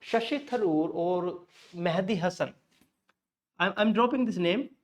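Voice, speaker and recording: A man's voice: high voice, measured pace. A man teaching a spoken lesson on word stress, drilling pairs of pronunciations and adding chatty asides.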